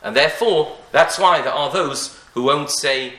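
A man's voice: on the high side, measured pace, sharp tone. A man teaching a Talmudic-style Torah class, posing rhetorical questions and often restarting his sentences, with Hebrew and Yiddish terms woven into his speech. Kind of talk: Talmudic lecture. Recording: echoey room.

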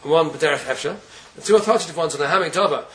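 A man giving a Torah lecture, earnest and deliberate, often repeating words while he searches for the next phrase. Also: fairly high pitch, fairly bright tone, slight background noise, low-quality recording. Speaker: rabbi giving a Torah class.

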